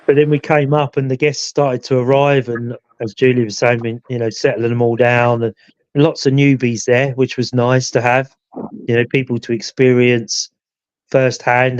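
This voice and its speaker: A man with a medium-pitched, slightly mellow voice rambles through the story of a ghost hunt on a live chat show, dropping plenty of "you know" asides. He's a ghost hunter and a regular on the show. The recording is dry and dull.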